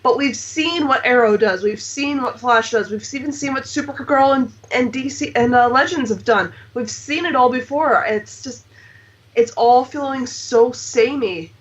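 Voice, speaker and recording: A woman's voice: high voice, moderate pace. A woman hosting a casual panel chat over a video call, giving emphatic opinions with many fillers. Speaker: host. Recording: distant, dull lo-fi mic.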